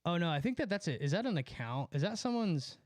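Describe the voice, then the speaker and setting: A man telling a profane, animated story on a live stream, a bit out of breath. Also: high voice, fast talker, no echo, studio quality. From California. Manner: animated, profane, jumps between story and asides.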